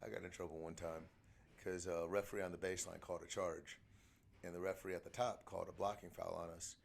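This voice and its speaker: A middle-aged man, hosting a casual podcast and telling lively coaching anecdotes. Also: deep voice, quick pace, vocal fry, husky. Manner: chatty storyteller, animated anecdotes. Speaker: podcast host, shooting coach.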